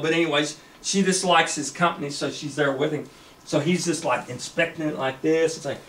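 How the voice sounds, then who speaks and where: A man's voice: fairly high pitch, steady tone, moderate pace, fairly bright tone, slight background noise. Man telling a rambling story in an echoey room. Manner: rambling, with many fillers and restarts. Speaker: storyteller pitching a screenplay. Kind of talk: casual spoken story retelling. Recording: echoey room, distant mic.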